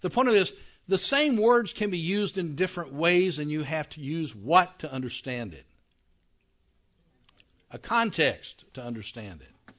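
A man with a slightly raised pitch teaching a Bible class. He talks plainly and conversationally, keeps asking whether his listeners are following, and draws out the words he wants to stress. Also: fairly bright tone. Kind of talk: classroom lecture to a congregation.

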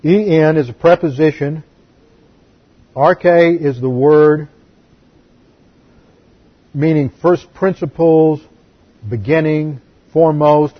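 A man, a pastor, teaching a Bible class in a deliberate, explanatory way and repeating key words. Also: fairly high pitch, steady tone, muffled recording. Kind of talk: sermon-style Bible teaching.

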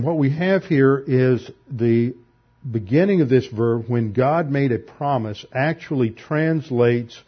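A man teaches a Bible lesson in a measured, methodical way, working through grammar point by point. His voice is slightly husky, and the recording sounds dull and lo-fi. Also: mid-range voice. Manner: methodical, explains grammar step by step with restarts. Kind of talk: classroom lecture on scripture.

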